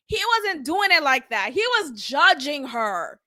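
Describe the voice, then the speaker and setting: Young woman, high bright voice, animated show recap, talks straight to listeners. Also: moderate pace, few pauses. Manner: animated, talks to listeners, acts out quotes, laughs often. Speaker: reality TV recap host. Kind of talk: casual show recap monologue.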